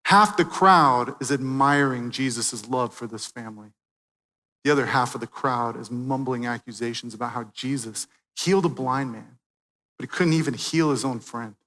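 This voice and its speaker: A man preaching a sermon, swinging from loud, emphatic peaks to quiet, hushed moments. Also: mid-range voice, moderate pace, in a large hall. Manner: dynamic preaching, swelling loud then dropping soft.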